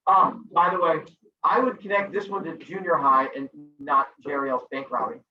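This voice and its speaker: A man's voice: fairly high pitch, normal speed. A man teaching a middle school class online, joking with students and acting out silly voices as he reviews. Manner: animated, jokey, acts out silly voices. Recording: echoey, distant, dull video-call audio with faint noise.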